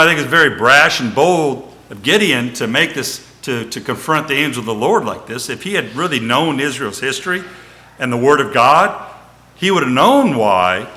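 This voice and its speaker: Reading a passage of scripture aloud, a man then puts it into ordinary everyday language in a casual Bible lesson. His medium-pitched voice is bright and forceful, and he often restarts sentences and uses fillers.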